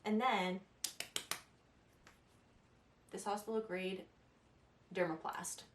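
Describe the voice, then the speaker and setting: A woman's voice: mid-range voice, steady tone, a little slow, slight background noise. A young woman vlogging casual advice, chatty and rambling, laughing at herself. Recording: echoey room, a little distant.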